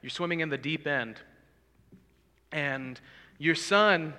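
Casting note: male preacher, earnest and pleading, bright forceful tone, long hall reverb. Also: on the high side, moderate pace. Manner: earnest, pleading, swells loud for emphasis. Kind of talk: sermon.

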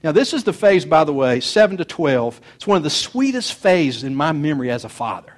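Older pastor, somewhat high voice, preaching with anecdotes and repetition. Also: male voice, big pitch swings, brisk. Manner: storytelling, warm repetition for emphasis. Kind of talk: sermon.

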